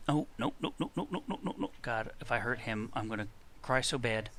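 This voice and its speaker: A man's voice: medium pitch, expressive, brisk, fairly bright tone. Guy chattering thru a game, voice jumps up and down a lot, bit of faint hiss behind. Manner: chatty, muttering to himself, frequent exclamations. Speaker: gaming video creator. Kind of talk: casual gameplay commentary.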